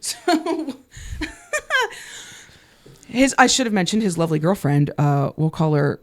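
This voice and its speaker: Woman podcast guest, gravelly, lively storyteller doing quoted voices. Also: on the low side, a little slow. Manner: animated, acts out quoted voices. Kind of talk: casual storytelling. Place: podcast studio.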